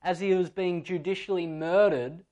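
A man's voice: high-pitched, steady tone, normal speed, darkish tone, muffled recording. A man, preaching a sermon and telling stories, acting out a child's voice at times. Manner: storytelling, acts out a child's voice in anecdotes. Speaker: pastor.

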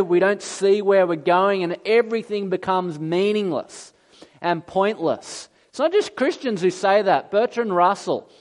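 A man preaching a sermon, slow and emphatic, rising in pitch and volume for dramatic lines. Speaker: pastor.

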